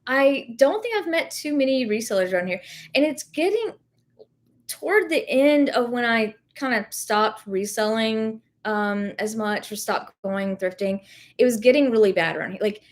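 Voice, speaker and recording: A woman's voice: a little high, expressive, normal speed. A young woman with a light Southern US accent, chatting casually on a livestream, rambling and reading viewer comments while sick with Covid. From rural American South. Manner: chatty and rambling, many fillers and self-corrections. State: has Covid. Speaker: livestream host, reseller.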